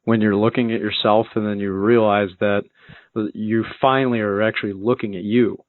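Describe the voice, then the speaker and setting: A man's voice: on the low side, fairly even intonation, normal speed, dry recording. Guy hosting a podcast, thoughtful, lots of restarts, tinny phone sound, dry. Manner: reflective, restarts phrases often. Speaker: podcast host. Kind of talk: conversational interview.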